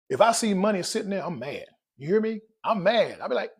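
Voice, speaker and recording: A man's voice: high voice, expressive, a little fast, hardly any pauses, breathy edge. A man chatting casually to his channel's viewers about money, joking and calling out to them directly. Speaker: personal finance vlogger. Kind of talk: casual chat to camera.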